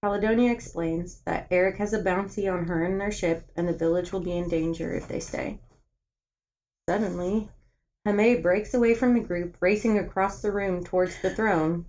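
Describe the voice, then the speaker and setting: A woman's voice: lowish voice, fairly even intonation, normal speed, darkish tone, poor audio. Woman co-host reading a book aloud. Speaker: podcast co-host.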